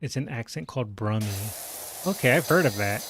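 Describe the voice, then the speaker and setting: A man rambling in casual commentary as he streams a game, his talk full of little pauses and "uh"s. His voice sits at a middle pitch, and a steady hiss runs under the recording. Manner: rambling, chatty, frequent filler pauses.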